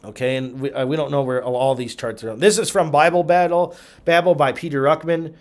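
A man in a teaching role walks through a series of charts, his voice sitting a little high for a man. He thinks aloud as he goes, often restarting sentences and checking in with "okay?" The delivery is a casual lecture, not a polished script. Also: fairly even intonation, brisk. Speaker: Bible teacher.

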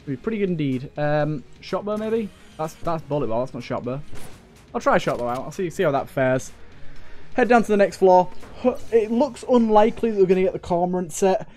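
Young let's-player, chatty and joking, slightly higher voice, soft game music underneath. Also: male voice, lively intonation, fairly quick. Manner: chatty, swears, jokey asides to enemies. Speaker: let's play gamer. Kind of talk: casual gameplay commentary.

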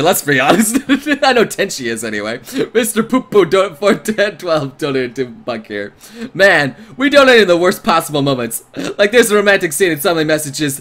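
A man streaming a visual novel, reading its narration aloud and reacting in an excitable, jokey way. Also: a little high. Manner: excitable, jokey, breaks into laughter.

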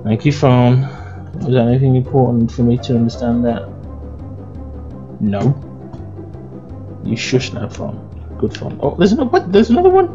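A man's voice: medium pitch, sing-song, normal speed, pauses often, highs cut off, music in the background. A groggy, worn-out English man chatting and rambling through casual gameplay commentary as a let's play host.

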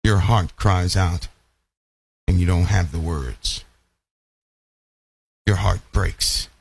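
A man preaching a Bible-study sermon who keeps asking his listeners questions and slows down to stress key lines. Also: low voice, vocal fry, breathy edge, dry recording. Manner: emphatic, asks the audience questions often.

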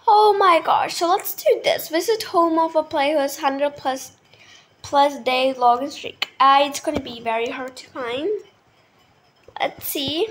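High-voiced chatty woman narrating gameplay. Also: a little slow, slight background noise. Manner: chatty and excitable, with hushed whispered asides and apologies. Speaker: gaming video creator. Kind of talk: casual gameplay commentary. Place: at home.

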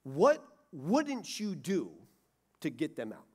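A middle-aged man preaching a sermon, swinging from loud urgency to hushed pleading. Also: on the high side, wildly swooping pitch, slow pace, slightly rough. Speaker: pastor. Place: church sanctuary.

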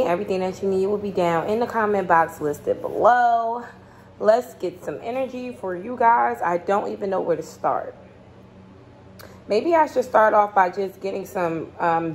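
A woman reading tarot cards in a loose, chatty way, blunt and quick to swear. Her voice sits at an ordinary middle pitch, with a faint hum of background noise behind it. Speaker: tarot reader.

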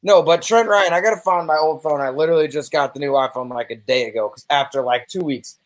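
Young male podcast co-host, fairly high, dry close sound, animated swearing rants. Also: fast, no room sound. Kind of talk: casual chat over remote call.

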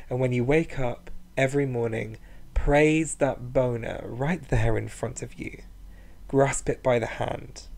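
Man, podcast language teacher, camp, sing-song, gravelly, playful. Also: medium pitch, darkish tone.

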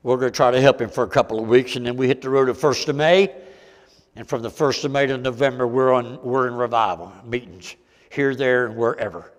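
A man's voice: medium pitch, fairly quick. An older man preaching a sermon as a visiting evangelist, fervent, folksy and pleading with his listeners. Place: church sanctuary. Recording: long reverb of a church hall.

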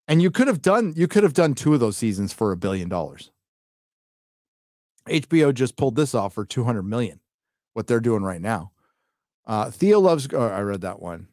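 A man's voice: medium pitch, a little mellow, dry recording, studio quality. A tired man hosting a late-night live stream, reading out donation messages in a sarcastic, mocking way and laughing as he goes.

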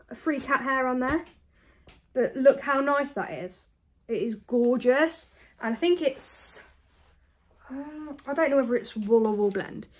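A woman from the UK chatting casually to camera about her thrift finds, fast and self-deprecating, a bit out of breath. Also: high-pitched. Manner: chatty and self-deprecating, talks fast with many ums and likes. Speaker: reseller vlogger. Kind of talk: casual haul chat to camera.

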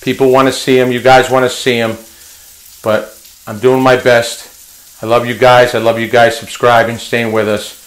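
A man's voice: medium pitch, level tone, normal speed, rough recording. A middle-aged man hosting a casual home cooking vlog, chatting to viewers, repeating himself and calling them guys. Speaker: home cook, channel host. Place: home kitchen.

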